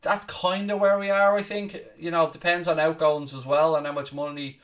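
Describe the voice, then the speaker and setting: A man hosting a live football watchalong, commentating casually, swearing a little, mocking himself, and shouting out loud at big chances. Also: a little high, little pitch movement, a little fast, recorded from a distance. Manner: self-deprecating, swears casually. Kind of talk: live match commentary and chat with viewers.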